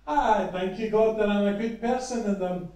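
A man voicing a smug, boastful religious man who thanks God loudly for his own goodness. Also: high-pitched, normal speed, voice pushed up, lightly acted. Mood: smug boasting. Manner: pompous, self-congratulating. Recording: echoey, from far off.

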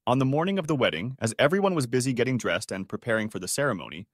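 A man reading a story aloud as a scripted narrator, with an even-paced, dramatic telling. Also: medium pitch, rapid-fire, no echo, studio quality.

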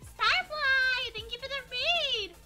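Very high, bright bubbly streamer woman. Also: takes it slowly. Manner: bubbly, greets viewers with pet names. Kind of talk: casual live-stream chat. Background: faint background music.

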